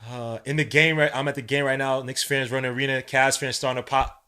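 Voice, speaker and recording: A man, hosting a fan podcast and calling a live game, swinging from low muttering to loud shouting, full of slang. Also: flat delivery, quick pace, smooth. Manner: heavy slang, calls out plays between asides. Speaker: podcast host. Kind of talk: live fan watch-along commentary.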